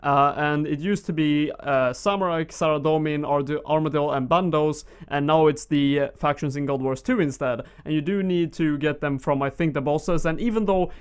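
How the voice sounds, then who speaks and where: A young man with a Swedish accent talks through his gameplay in a loose, rambling way, often pausing on fillers as he thinks aloud. His voice sits a little higher than most men's. He speaks into a desktop mic for his channel's commentary. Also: clean tone. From Sweden. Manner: chatty, rambling, with frequent fillers. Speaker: gaming YouTuber.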